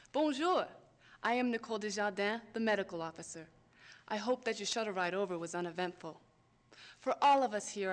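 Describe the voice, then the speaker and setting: A woman's voice: medium pitch, natural voice. A woman voicing a cheerful female medical officer in a space video game, upbeat and welcoming.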